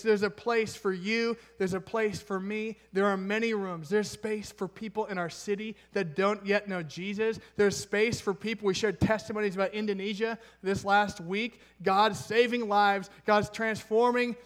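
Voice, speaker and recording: A man's voice: sits high, smooth. A young man preaching a conversational sermon, enthusiastic and chatty, with laughs and asides. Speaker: pastor.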